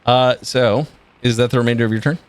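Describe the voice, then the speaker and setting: A man's voice: medium pitch, fairly even intonation, a little fast, clear, resonant tone. A man narrating as game master in a casual, swearing way with lots of "uh" fillers.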